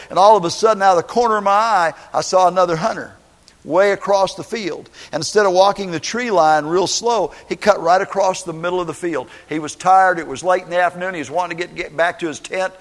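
A middle-aged man preaching a sermon, telling personal stories in an animated way and acting out the quotes. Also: high-pitched. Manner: animated storytelling, acts out quotes. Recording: long hall reverb.

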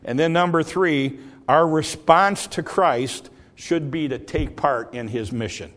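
A man preaching a sermon, telling the story in a folksy way with many fillers and restarts, now and then bursting into loud dramatic quotes. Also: a little high, measured pace. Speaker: pastor.

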